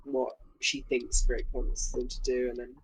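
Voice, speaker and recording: A man's voice: medium pitch, completely flat delivery, measured pace, slight background noise, low-quality recording. A man playing a tabletop role-playing game, talking through his character's actions hesitantly, with many fillers. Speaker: player. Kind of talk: casual tabletop game talk.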